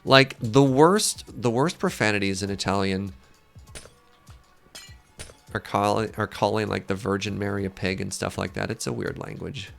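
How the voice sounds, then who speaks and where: A man with a low, gravelly voice chats on a game live stream, joking at his own expense and talking straight to his viewers. Soft game music plays faintly underneath. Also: normal speed. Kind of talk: casual live-stream chat while gaming.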